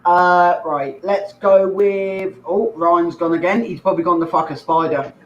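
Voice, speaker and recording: Guy hosting a comedy contest, talks slow and high, loose and sweary, roomy echo. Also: fairly even intonation, dull audio. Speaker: host. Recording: echoey room with faint noise.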